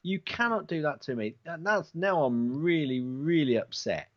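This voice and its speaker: A man whose pitch swings widely trades mock-indignant jabs on a podcast, making fun of himself and his partner. His sound is dry and a little dull, as if through a modest mic. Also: lively intonation, normal speed, dry recording. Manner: self-deprecating, mock-indignant teasing. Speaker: podcast co-host. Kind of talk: casual podcast banter.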